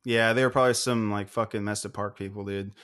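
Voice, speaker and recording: A young man co-hosting a casual podcast, ranting in a profane, animated way. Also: fairly low pitch, fast talker, clear, resonant tone. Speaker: podcast co-host.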